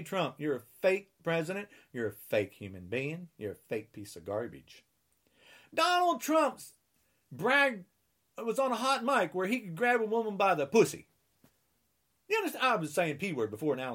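A man's voice: sits high, a bit bright. A man from New Jersey delivering an angry political rant, sarcastic and indignant, repeating mocking refrains and scolding his listeners. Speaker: political commentator.

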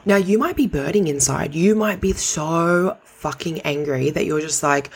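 A woman with a low, husky voice talks through practical advice like a coach. She is direct and conversational, with the odd casual swear word thrown in. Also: a little slow, hardly any pauses. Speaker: podcast host.

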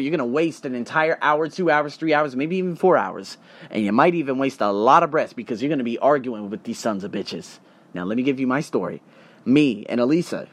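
A man's voice: fairly high pitch, no echo. A young adult man hosting a podcast, telling a story as a casual, profane rant and acting out the other people in it. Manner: animated, profane, acts out other people's voices. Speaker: podcast host.

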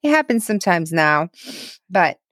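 A woman's voice: fairly low pitch, big pitch swings, moderate pace, fairly bright tone, dry recording, studio quality. A woman from Ukraine, a guest in an interview, telling her faith story in an earnest, emotional way with many repetitions. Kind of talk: personal testimony in a podcast interview.

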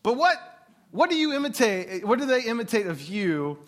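This pastor, a man in his thirties, has an extremely high-pitched voice and speaks at normal speed. His sermon is animated and conversational, peppered with casual asides.

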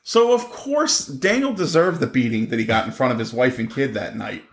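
A man co-hosting a casual wrestling chat show, animated and quick to break into excited exclamations. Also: reverberant. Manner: animated, jumps into high-pitched exclamations. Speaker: wrestling podcast co-host.

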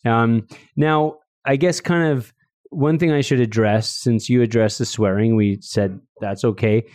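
A man's voice: medium pitch, fairly even intonation, unhurried, darkish tone, dry recording, clean studio sound. A man hosting a podcast, chatting and teasing his guest in a casual interview. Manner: joking, teasing. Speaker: podcast host.

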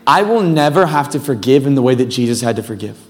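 A man's voice: medium pitch, animated, fast talker, big-room sound. A male pastor preaching a sermon in a loose, casual way, with rambling, self-deprecating asides.

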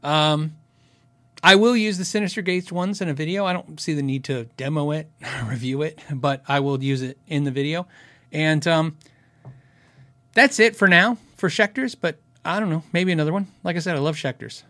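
A man's voice: on the high side, moderate pace, sharp tone, no echo. A middle-aged man hosting a casual live show, chatting and giggling as he rambles through stories and viewer questions. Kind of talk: casual live-stream chat.

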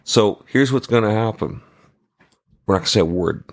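Male guest, deep low voice, loose salty storyteller, rambling anecdotes. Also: normal speed. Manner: rambling, salty, frequent fillers and restarts. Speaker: podcast guest.

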